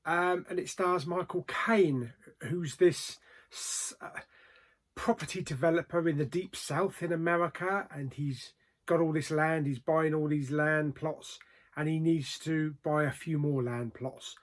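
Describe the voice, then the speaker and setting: A man reviewing films in a casual vlog, plain-spoken, with frequent ums and trailing pauses. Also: on the high side. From Australia. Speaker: movie reviewer.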